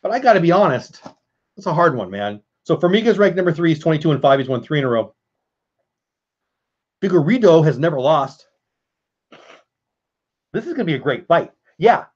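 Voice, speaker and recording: A man's voice: fairly high pitch, big pitch swings, brisk, long pauses, muffled recording. A man hosting a casual live stream, chatting with viewers and answering chat as he goes.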